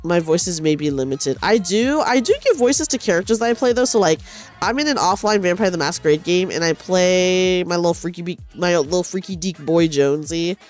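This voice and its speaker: A woman's voice: lowish voice, expressive, brisk, a little mellow, faint music behind. A young woman streamer chatting casually while she knits, rambling and self-deprecating, often restarting her sentences. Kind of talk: casual chat while knitting.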